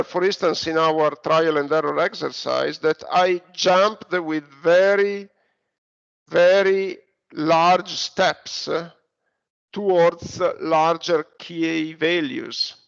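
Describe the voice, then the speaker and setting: A man's voice: on the high side, vocal fry. A man with an Italian accent giving an online university lecture, hesitant, with many fillers and restarts. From Italy. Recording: dull lo-fi recording.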